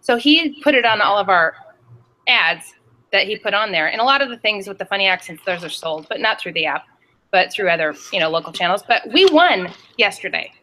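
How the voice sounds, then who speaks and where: A woman's voice: mid-range voice, fairly quick. A woman reseller talking on a video call, chatty and rambling as she tells stories. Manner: chatty and rambling, lively storytelling. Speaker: reseller on a panel show. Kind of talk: casual chat.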